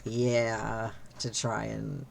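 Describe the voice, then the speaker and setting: Gravelly streamer, drawls, swears a lot, lots of um and like, bit of background hiss. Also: mid-range voice, level tone, very slow. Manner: rambling, swears freely, many fillers. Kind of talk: casual chat while gaming.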